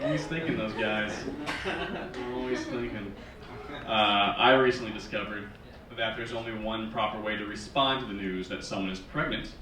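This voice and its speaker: A man in his thirties from Northern Virginia performing a stand-up comedy set in a wry, sarcastic, animated way, recorded from a distance on a small theater stage. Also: on the low side, normal speed, background noise. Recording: echoey theater from far off. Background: live audience laughing.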